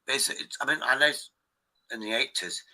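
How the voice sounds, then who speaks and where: A man's voice: mid-range voice, animated, normal speed, sharp tone, low-quality recording. A man hosting a live stream, rambling in casual chat with his viewers, swearing freely and restarting his sentences often.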